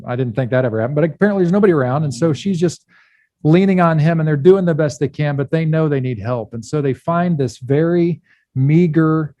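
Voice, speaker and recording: A male pastor giving a candid sermon, speaking with pauses and restarts. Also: a little high, mellow, no room sound, dull audio. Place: church.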